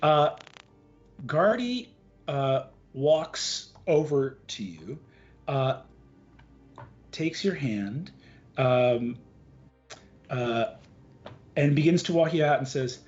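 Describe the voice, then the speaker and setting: A man narrating a tabletop game as game master, slow and halting with many fillers. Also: mid-range voice, expressive, darkish tone. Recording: dull lo-fi with faint music.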